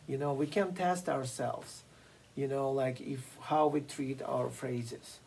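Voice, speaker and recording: A piano teacher giving a masterclass lecture, explaining slowly and deliberately with frequent fillers and pauses. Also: mid-range voice, gravelly, darkish tone, a little hiss or hum, poor audio. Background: occasional piano playing.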